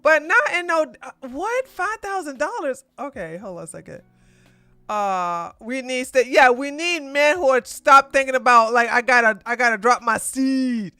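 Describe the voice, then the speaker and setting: A woman hosting a live political commentary stream, animated and sarcastic, exclaiming and talking to her chat. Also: high voice, moderate pace, dry recording, soft background music. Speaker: podcast host.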